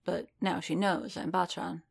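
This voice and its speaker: A woman voicing a gruff, guarded male bounty hunter who speaks tersely and quietly. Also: fairly low pitch, little pitch movement, unhurried, heavily acted.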